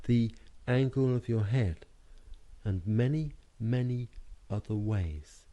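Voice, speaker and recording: Calm, deep-toned British man teaching. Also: creaky. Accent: British English. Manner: slow, deliberate, hypnotic phrasing with marked words. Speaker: hypnotherapy and NLP trainer. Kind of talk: recorded lesson narration over slides.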